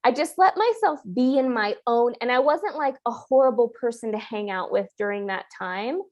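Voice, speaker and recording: A woman's voice: fairly high pitch, animated, normal speed, a little mellow. A woman hosting a podcast, talking in an earnest, coaching way with many restarts. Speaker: podcast host. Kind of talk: casual podcast conversation.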